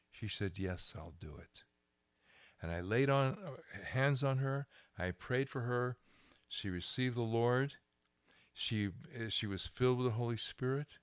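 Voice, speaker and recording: An older man, a guest minister, telling a lively anecdote in an interview, chuckling and restarting his phrases. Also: on the low side, no room sound. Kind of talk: storytelling interview.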